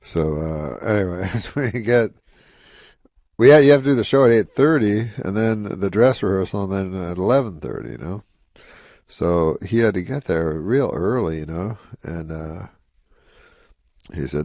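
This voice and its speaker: A comedian telling a rambling anecdote on a talk show, deadpan and full of "you know" and "uh". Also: male voice, low voice, normal speed, no room sound, clean studio sound. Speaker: comedian guest.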